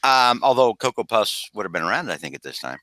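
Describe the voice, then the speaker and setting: A man hosting a podcast, retelling a comic book story in a rambling, animated way and slipping into quoted voices. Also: lowish voice, quick pace, no echo, rough recording. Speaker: podcast host. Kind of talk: casual comic book recap.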